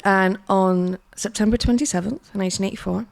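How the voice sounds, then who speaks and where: A woman from Britain co-hosts a chatty podcast and walks through a true crime case in a loose, casual way. She laughs easily and swears freely. Her voice has a gravelly fry to it, at a middle pitch. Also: steady tone, fairly quick. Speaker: podcast co-host.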